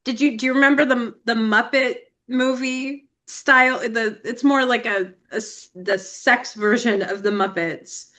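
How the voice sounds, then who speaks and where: A woman's voice: on the high side, measured pace, few pauses. A young adult woman co-hosting a podcast in casual chat, telling stories with lots of laughter and acted-out scenes. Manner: animated storyteller, laughs often, acts out scenes. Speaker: podcast co-host.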